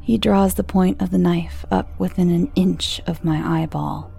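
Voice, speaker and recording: Woman reading a creepy horror story, low gravelly hushed voice. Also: fairly even intonation, measured pace. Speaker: narrator. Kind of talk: first-person horror story narration. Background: music.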